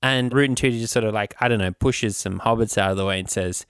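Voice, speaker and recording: Smooth-voiced man riffing comedic bits. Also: on the low side, no room sound, studio quality. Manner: quick, playful, builds silly bits. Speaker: co-host.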